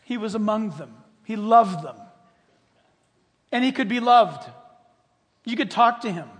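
Man, pastor, sermon, very high voice, animated, acts out prayers, hall reverb. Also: a little slow. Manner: expressive preaching, acts out quoted prayers, jokes with the congregation.

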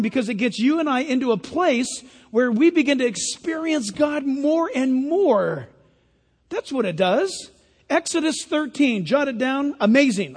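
A man's voice: high voice, slightly rough. A male pastor preaching a sermon in a church, earnest and emphatic, putting direct questions to the congregation. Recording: long hall reverb.

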